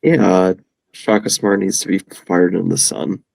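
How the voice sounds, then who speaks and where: A man's voice: sits low, little pitch movement, measured pace, gravelly, a little mellow, no echo, poor audio. A young man calling in over a video call to give betting picks, hesitant, with lots of ums and repeats. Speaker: regular panelist. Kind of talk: casual sports betting picks. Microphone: home setup over video call.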